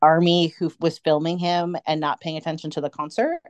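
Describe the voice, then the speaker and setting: A woman's voice: deep voice, level tone, a little fast, no echo. A woman co-hosting a podcast, chatting casually and animatedly, often acting out quotes. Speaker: podcast co-host. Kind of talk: casual fan chat.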